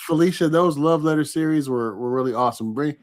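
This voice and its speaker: A man from California hosting a live online interview, chatting warmly and reading out viewer comments as he goes. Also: a little high, fast. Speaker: host.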